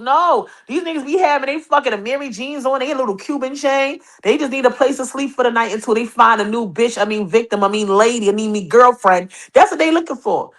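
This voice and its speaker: A woman with a New York accent hosts a podcast, her voice a little high and sharp-toned. She dishes celebrity gossip in brash, profane, mocking casual chat.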